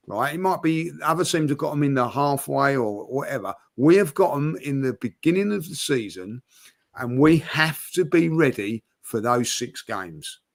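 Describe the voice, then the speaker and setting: A man's voice: medium pitch, gravelly. Everyday male pundit, passionate, repeats himself for emphasis. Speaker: podcast guest pundit. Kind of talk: casual football chat.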